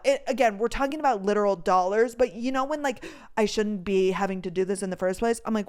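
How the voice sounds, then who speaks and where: A young woman from North Dakota hosting a casual solo podcast, telling stories with animated energy, acting out dialogue and swearing freely. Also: medium pitch, quick pace, few pauses, clean tone. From North Dakota, USA. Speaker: podcast host.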